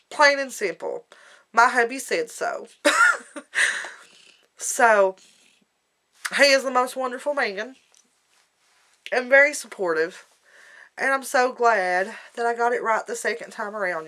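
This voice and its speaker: A woman's voice: on the high side, animated, slow, long pauses, bright, forceful tone. A woman talking in a rambling, folksy, emotional way in a personal video diary. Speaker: vlogger.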